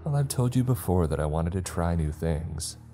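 Cold, smug young woman, as a deep-voiced man puts her on. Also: moderate pace, faint music behind. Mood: calm, smug. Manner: calm and emotionless, smug. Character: calm, cocky, unsettling young woman. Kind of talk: scripted horror narration.

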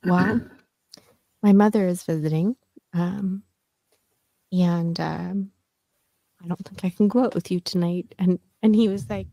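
A woman's voice: fairly low pitch, steady tone, measured pace, vocal fry, pauses often, warm tone, no room sound. A woman co-hosting a casual chat, rambling through a family story and acting out the people in it. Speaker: podcast co-host.

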